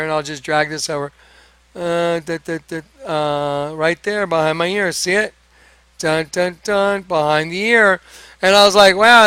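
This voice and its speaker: An excitable man tells a story straight to his viewers and acts out each exchange. His voice sits high with a bright, forceful edge. The recording is dry and close to the mic. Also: clean tone, no echo. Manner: excitable, acts out quoted dialogue. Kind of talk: animated storytelling monologue.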